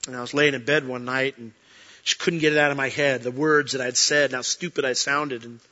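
A man preaching a sermon as a pastor, earnest, swinging between emphatic peaks and soft, quiet moments. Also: mid-range voice, fairly even intonation, a little fast, lo-fi sound.

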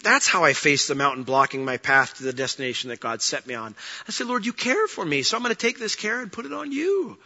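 A man preaching a sermon, animated and humorous, acting out quotes as he talks. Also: on the high side, quick pace, long reverb tail, lo-fi sound. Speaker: pastor.

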